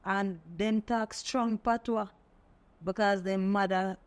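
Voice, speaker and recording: A woman with a Jamaican accent, a guest in a casual panel chat, telling stories in quick, patois-laced talk. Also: medium pitch, fairly even intonation.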